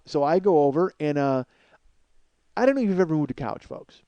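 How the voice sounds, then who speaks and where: Profane, animated male comic storyteller. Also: a little high, fast, smooth, no echo, dull audio. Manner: profane, animated storyteller addressing listeners as folks. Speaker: podcast host. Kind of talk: comedic storytelling monologue.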